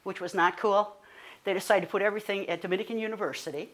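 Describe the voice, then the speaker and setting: A woman, a guest speaker telling a personal story in an animated, conversational way, full of fillers and self-corrections. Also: mid-range voice, quick pace. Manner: animated, rising to indignant.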